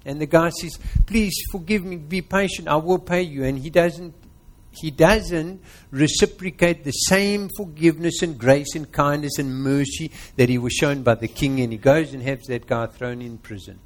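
South african man, pastor, slightly high voice, preaching, questions to the congregation. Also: moderate pace, hardly any pauses. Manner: interactive, quizzing the congregation. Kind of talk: sermon.

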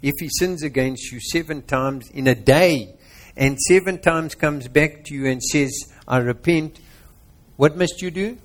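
A man's voice: fairly high pitch, unhurried. South African man preaching to a congregation. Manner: interactive, quizzing the congregation. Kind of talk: sermon.

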